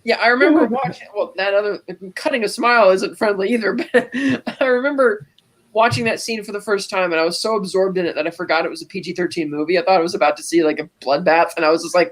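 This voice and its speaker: A woman's voice: mid-range voice, fast. A woman hosting a podcast, casually recapping a film scene and acting out the characters' lines. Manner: animated retelling, acting out quoted lines. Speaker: podcast host.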